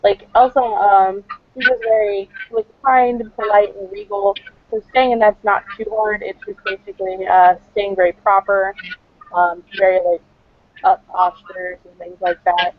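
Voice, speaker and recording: A woman's voice: medium pitch, steady tone, unhurried, no echo. Woman cosplayer rambling in an interview, lots of um and like, muffled dry recording. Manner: chatty, rambling, filler-heavy. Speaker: cosplayer guest. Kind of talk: casual interview answers.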